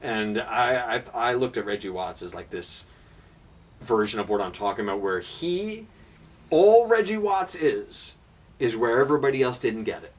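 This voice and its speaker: A young man hosting a casual podcast chat, rambling and swearing freely with animated asides. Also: mid-range voice, moderate pace, far from the mic. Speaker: podcast host.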